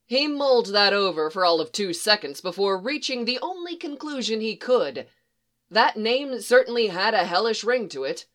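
An audiobook narrator carrying the story along in an even, steady storytelling manner. The voice is bright and forward, with a pitch in the middle range. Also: normal speed. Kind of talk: audiobook reading.

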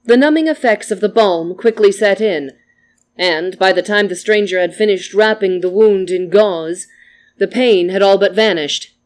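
A reader narrating a story with an even, gentle delivery. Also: medium pitch, normal speed.

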